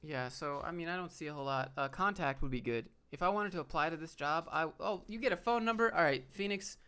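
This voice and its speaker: On his livestream, a man with a fairly high, clear and resonant voice talks quickly about job hunting. He keeps it relaxed and blunt, swearing casually while responding to chat.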